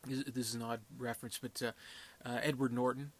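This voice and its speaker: A man's voice: medium pitch, level tone, a little fast, slight background noise. A young man giving a casual, unscripted film review, rambling and hesitant, with many fillers and restarts.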